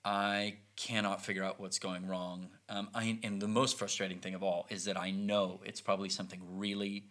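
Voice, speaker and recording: A man in his thirties telling a family story in a casual, animated way, acting out the lines of the people in it. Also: fairly low pitch, moderate pace. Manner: animated, acts out quoted lines.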